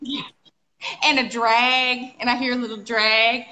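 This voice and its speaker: A woman, co-hosting a live furniture painting show and telling animated, exclamatory stories full of sound effects. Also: fairly high pitch, a little slow. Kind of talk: casual storytelling chat.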